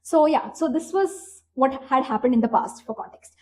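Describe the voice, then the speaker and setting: A young woman with an Indian English accent telling a story casually, animated, with plenty of swearing, fillers and restarts. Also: sits high, moderate pace, poor audio. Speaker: vlogger.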